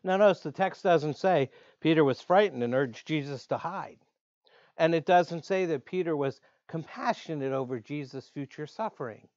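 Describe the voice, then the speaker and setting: A man preaching a sermon in an earnest way, slowing down to stress key words. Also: a little high, darkish tone, dry recording. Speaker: pastor. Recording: dull lo-fi dry sound.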